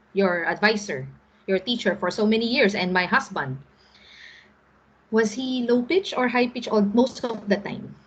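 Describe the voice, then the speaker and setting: A woman's voice: on the high side, fairly bright tone, husky, rough recording. A middle-aged Filipino woman teaching an online class, explaining patiently and often checking in with the students.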